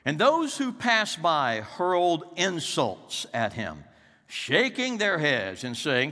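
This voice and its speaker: A man preaching a sermon, swinging dramatically between loud peaks and hushed, quiet lows. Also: huge pitch swings, slow pace. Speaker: pastor. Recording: long hall reverb.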